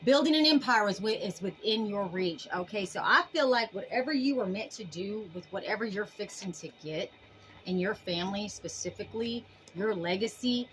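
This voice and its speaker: A woman's voice: mid-range voice, animated, moderate pace, fairly bright tone, slight background noise, low-quality recording. A woman giving a casual tarot reading to camera, emphatic and folksy, full of sassy endearments. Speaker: tarot reader.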